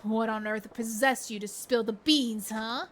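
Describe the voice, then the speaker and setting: A woman voicing a brash gangster man who talks in a gruff, blunt, mocking way. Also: a little high, fairly even intonation, unhurried, a bit bright, a little hiss or hum, voice pushed down.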